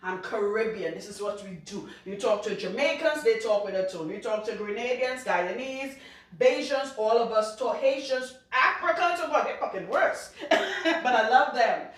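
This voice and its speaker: A woman with a Trinidadian accent, a loctician talking casually to camera, blunt and outspoken, cussing freely and laughing loudly. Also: fairly high pitch, lively intonation, moderate pace, distant mic. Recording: very echoey room, off-mic.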